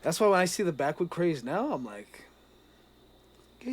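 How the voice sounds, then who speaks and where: Animated man telling stories on a video call. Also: a little high, moderate pace, slight background noise. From Toronto, Canada. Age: 30s. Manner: animated storyteller, slips into put-on voices, laughs often. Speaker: podcast co-host. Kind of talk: casual podcast chat.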